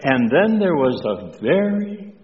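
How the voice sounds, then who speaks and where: A man preaching a sermon with a slow, halting delivery full of pauses, asking the congregation questions. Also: medium pitch, expressive. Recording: distant, dull echoey hall with faint noise.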